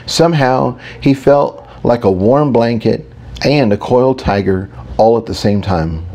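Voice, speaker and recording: A man's voice: medium pitch, measured pace, a little mellow. A man narrating a first-person audiobook in an intimate, reflective storytelling manner.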